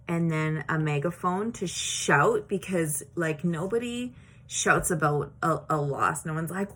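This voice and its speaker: Chatty animated woman teaching scripture memory. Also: on the low side, a little slow. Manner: chatty and animated, acts out quotes; encouraging, plainspoken. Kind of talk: casual teaching video.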